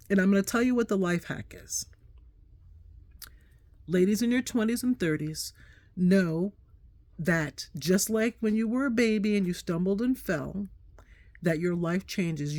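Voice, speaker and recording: A middle-aged woman vlogging, telling a story in a chatty, animated way and acting out what people said. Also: medium pitch, no room sound. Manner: animated, chatty, acts out quotes. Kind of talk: casual storytelling to camera.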